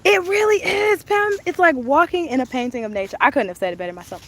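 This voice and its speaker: A woman's voice: high voice, animated, fast, a bit bright. A young adult woman, gushing and chatty as she live-streams a walking tour of an outdoor park on her phone. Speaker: travel vlogger. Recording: outdoor noise, wind and ambience.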